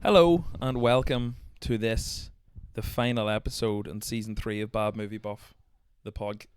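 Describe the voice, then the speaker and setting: Male podcast host, casual and self-mocking, swears freely, smooth clear tone, dry close sound. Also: on the low side, fairly even intonation, moderate pace, dry recording. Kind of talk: casual chat.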